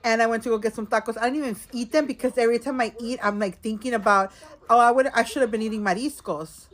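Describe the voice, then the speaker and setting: This vlogger's voice is a little high and steady, and she talks fast. A bit tipsy, she's in a hotel room unloading on her audience in a laid-back storytime video, addressing them chattily as "girl" and "y'all."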